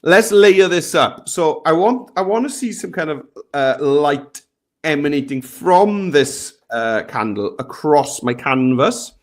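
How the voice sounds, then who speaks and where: A man hosting a live software lesson, chatting and guiding the viewers step by step. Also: fairly high pitch. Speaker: tutorial host.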